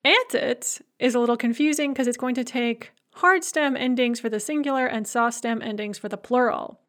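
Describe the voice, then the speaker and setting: A woman teaching a grammar lesson, explaining clearly in English and reading out careful Russian examples. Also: on the high side, normal speed, a bit bright. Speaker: language teacher.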